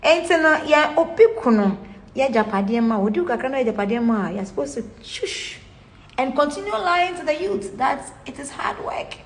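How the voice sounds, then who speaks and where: A woman's voice: sits high, lively intonation, normal speed. A young woman with a Ghanaian accent gives a blunt, swearing home tour to camera, mixing Pidgin and Twi. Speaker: celebrity giving a home tour. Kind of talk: casual animated talk to camera.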